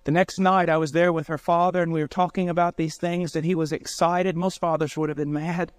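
A man's voice: on the high side, little pitch movement, fairly quick, smooth, no echo. A man preaching a sermon, urgent and direct, pleading straight with his listeners.

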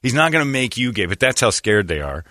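A middle-aged man hosting a podcast, telling crude funny stories in a casual, animated way and laughing a lot. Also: mid-range voice, fast, no room sound, studio quality. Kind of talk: casual comedic storytelling.

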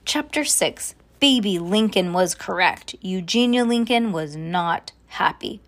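A mother reading a children's book aloud to her daughter, animated and affectionate, breaking off for chatty asides. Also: mid-range voice, unhurried.

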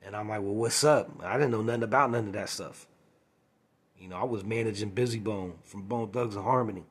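A former music manager with a husky, fairly low voice speaks a little fast in a casual storytelling monologue. He acts out old conversations and often adds "you know what I'm saying".

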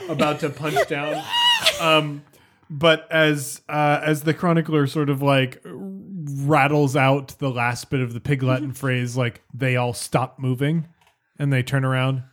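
A man's voice: mid-range voice, fairly even intonation, unhurried, a bit bright. Casual male game master, lots of "like" and "um". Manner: casual, filler-heavy. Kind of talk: narrating a tabletop game.

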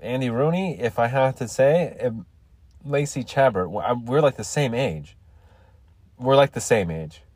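A man's voice: mid-range voice, animated, measured pace, a little mellow, slightly rough, dry recording. Man, solo podcast host, rambling and crude, hiccuping, dry close-miked sound.

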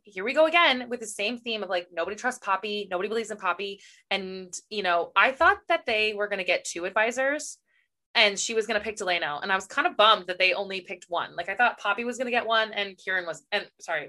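A woman co-hosting a casual book chat, rambling and expressive, quick to laugh. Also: medium pitch. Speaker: podcast co-host.

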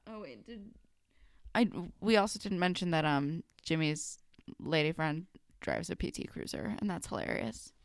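A woman's voice: low-pitched, animated, moderate pace, no echo, studio quality. A young woman co-hosting a podcast, chatting casually about a TV episode, swearing freely with plenty of likes and ums. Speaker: podcast co-host. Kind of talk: casual chat recapping a TV episode.

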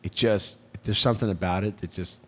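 A man's voice: low voice, fairly even intonation, brisk, breathy edge. An American man co-hosting a podcast, joking around in casual banter with bursts of mock outrage. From United States. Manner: jokey, loud outbursts, mock indignation. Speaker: podcast co-host.

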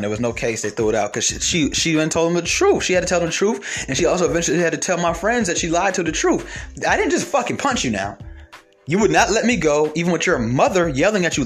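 A man, telling a story to camera in a blunt, animated rant. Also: fairly high pitch. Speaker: vlogger. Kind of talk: casual monologue to camera.

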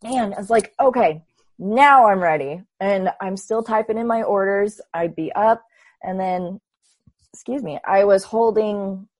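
Give me a young woman telling a lively story as a guest, with a dry sound. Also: medium pitch, measured pace, dry recording. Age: 20s. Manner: animated, acts out her own past thoughts. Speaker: interview guest. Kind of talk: casual storytelling.

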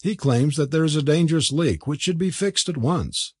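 A man's voice: on the high side, lively intonation, moderate pace, breathy edge, dry recording, clean studio sound, pitched above the performer's own voice. A man voicing a gracious, proper middle-aged hostess.

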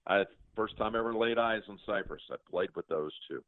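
A man with a very deep voice tells golf-broadcasting stories in an earnest, reflective way. He sounds dry and close, squeezed through a thin, phone-like band. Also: fairly quick, no room sound. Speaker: guest sportscaster. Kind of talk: casual interview storytelling. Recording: tinny phone-like line, dry.

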